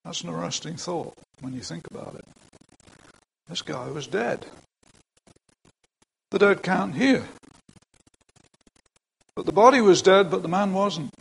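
Older male pastor, husky voice, casual asides while preaching. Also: high-pitched, expressive, unhurried, pauses often, low-quality recording. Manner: plain conversational preaching with asides. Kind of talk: sermon. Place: church.

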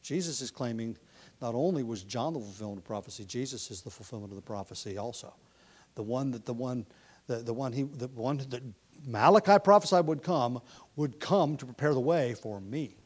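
A man's voice: expressive, brisk, darkish tone, breathy edge. A man preaching an expository sermon, reading scripture with rising emphasis and adding conversational asides. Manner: emphatic, rises in pitch and volume when reading scripture; conversational asides with restarts and light laughs.

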